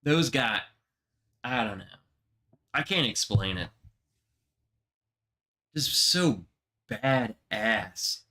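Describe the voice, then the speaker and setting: Slow-talking bright-voiced man chatting. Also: mid-range voice, lively intonation. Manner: slow, emotional, slangy storytelling. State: close to tears. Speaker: livestream host. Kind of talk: casual livestream chat.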